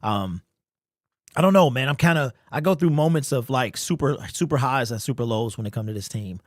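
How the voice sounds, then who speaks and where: A man's voice: medium pitch, expressive, fairly quick, no echo, studio quality. A man hosting a casual fan live stream, greeting chat members by name in loose, slangy talk.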